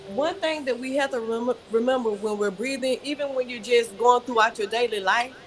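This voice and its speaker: A woman yoga teacher giving calm, guiding breathing instructions in an interview over a video call. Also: on the high side, a little fast, soft background music. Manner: calm, guiding, soft-spoken.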